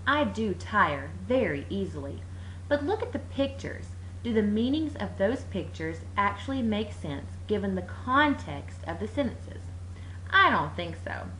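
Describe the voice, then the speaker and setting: Woman, animated teacher voice, swooping pitch, roomy sound, faint background noise. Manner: lively, playful emphasis on words. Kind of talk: animated explainer narration.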